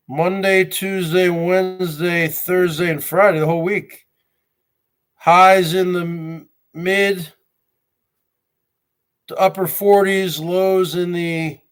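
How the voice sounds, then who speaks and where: A man in his forties rambles through a vlog monologue and keeps addressing his viewers as folks. His voice sits high for a man and is bright and sharp, and he speaks at an unhurried pace. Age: 40s. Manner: talks straight to viewers, calls them folks. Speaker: show host.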